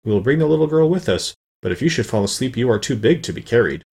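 A man's voice: medium pitch, animated, quick pace, creaky, darkish tone, slightly rough. A man doing an eager straw scarecrow. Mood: urgent. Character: cheerful straw-stuffed male scarecrow. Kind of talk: audiobook character voice.

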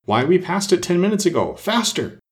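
A man voicing a brisk, commanding but kindly queen in a storybook reading. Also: mid-range voice, big pitch swings, a little mellow. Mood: urging. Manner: brisk, urging, matter-of-fact.

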